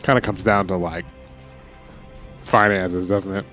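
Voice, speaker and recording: A man's voice: sits low, steady tone, a little slow, a bit bright, soft background music. A man hosting a live game stream, chatting casually and playfully, laughing often. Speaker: stream host.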